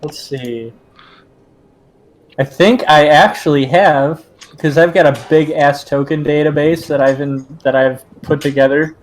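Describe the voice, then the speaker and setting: High-voiced man running a tabletop game. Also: poor audio. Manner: casual, swears freely, fills pauses with "uh" and "um". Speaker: game master.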